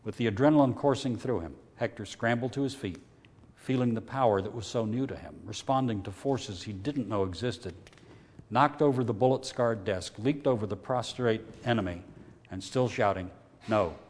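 A man reading a novel aloud in a measured, steady way, lifting his voice when characters shout. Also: medium pitch, in a large hall. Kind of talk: audiobook reading.

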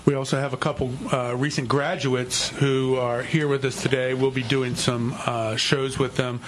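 A man hosting a casual radio talk show, halting and stumbling over his words while joking with his guests. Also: medium pitch, level tone, slight background noise. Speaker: radio host.

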